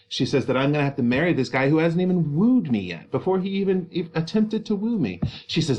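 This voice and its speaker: Brief: male teacher walking students through a play, very lively intonation, animated and exclamatory. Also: on the high side, brisk, hardly any pauses.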